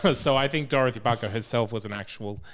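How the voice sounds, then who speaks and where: A man's voice: medium pitch, fast talker, a bit bright. A man in a casual chat about musicals, informative and steering the conversation.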